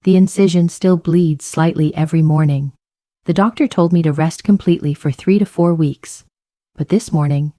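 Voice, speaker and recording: Woman narrating a story, low voice, dry close sound, steady pace. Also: no room sound. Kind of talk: first-person story narration.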